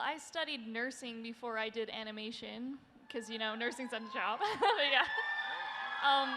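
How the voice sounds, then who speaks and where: A woman's voice: a little high, bright, forceful tone, a little hiss or hum. A woman animator sharing laid-back stories on a panel, with laughing asides. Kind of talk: casual panel storytelling. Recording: reverberant hall.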